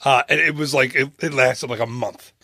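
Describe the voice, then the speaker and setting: A man's voice: medium pitch, steady tone, pushed and bright, no room sound. Chatty male podcast host, dry close sound. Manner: joking, chatty, quick asides. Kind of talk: casual chat.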